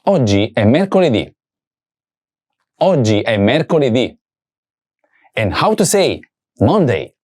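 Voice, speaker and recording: A man teaching a language lesson, saying words slowly and carefully and repeating each one for learners. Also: mid-range voice, very animated, a little mellow.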